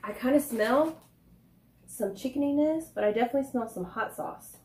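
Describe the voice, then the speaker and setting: A young woman hosting a casual food review vlog, chatty and quick to laugh at herself. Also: high-pitched, warm tone. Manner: chatty, laughs often, pokes fun at herself. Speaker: food vlogger. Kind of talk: casual chat. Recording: echoey room, faint noise.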